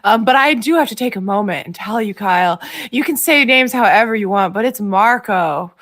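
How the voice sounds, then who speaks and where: A woman's voice: a little high, lively intonation, fairly quick, fairly bright tone. A woman guest on a casual TV review chat, enthusiastic and knowledgeable, with plenty of fillers.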